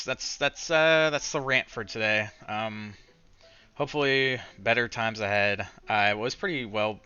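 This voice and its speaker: Man, solo trading recap: rambling, swearing and self-critical, with a very bright, clear voice. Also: fairly low pitch, dry recording, dull audio. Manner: frustrated, swearing, rambling with many restarts. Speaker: day trader recapping his session. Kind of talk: casual solo recap rant.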